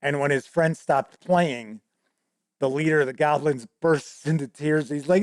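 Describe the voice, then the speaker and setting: A man's voice: a little high, a little slow, no echo, clean studio sound. A man hosting a show, telling a rambling, casual story about running a tabletop game, often laughing and swearing now and then. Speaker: host.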